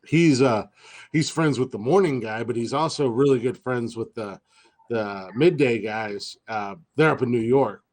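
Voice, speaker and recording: A man's voice: mid-range voice, unhurried, darkish tone. A middle-aged man co-hosting a podcast, telling a rambling anecdote with many restarts. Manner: rambling, restarts, tells anecdotes with quoted dialogue. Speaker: podcast co-host. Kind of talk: casual storytelling chat.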